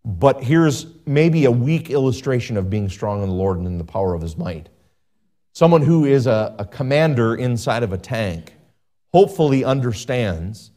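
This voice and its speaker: A man preaching a sermon as a pastor, emphatic, with big pitch swings and repeated phrases. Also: dark tone.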